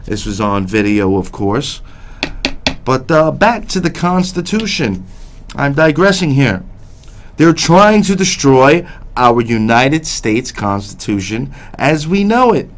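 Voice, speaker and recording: A man hosting a live call-in show, delivering heated, repetitive political rants and swearing under his breath. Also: medium pitch. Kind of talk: ranting political call-in talk.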